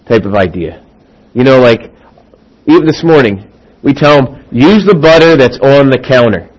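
A middle-aged man preaching a sermon as a pastor, acting out quoted voices and swinging from loud emphasis to hushed asides. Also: mid-range voice, animated, moderate pace, poor audio.

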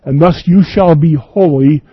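A man's voice: fairly high pitch, measured pace, breathy edge, no room sound, muffled recording. A man preaching an earnest, emphatic radio sermon, reading scripture and quoting at length.

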